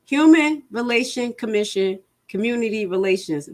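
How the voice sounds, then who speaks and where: A woman's voice: sits low, normal speed. A woman hosting a casual livestream, bluntly and exasperatedly going over budget figures and reading out viewer comments. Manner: blunt, exasperated, reads chat aloud. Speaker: livestream host.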